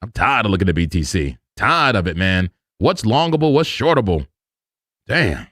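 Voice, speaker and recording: Excitable guy hosting a live trading stream, pitch all over the place, dry close mic, keeps repeating himself. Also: normal speed, no echo. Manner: excitable, loud laughing outbursts, repeats himself. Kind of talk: casual live-stream chat.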